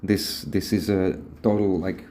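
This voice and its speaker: A man's voice: low voice, little pitch movement, a little slow, mellow, slight background noise. A man hosting a podcast, giving advice in a rambling, casual, instructive monologue with frequent restarts. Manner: rambling, repeats words and restarts often.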